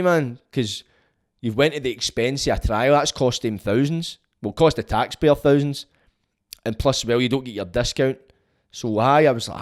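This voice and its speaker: A Scottish man with a mid-pitched voice talks straight to the listener in a loose, unscripted monologue. His manner is blunt and frank, with heavy swearing. He speaks with the easy bluntness of someone giving advice from experience. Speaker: vlogger giving prison advice. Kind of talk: casual monologue.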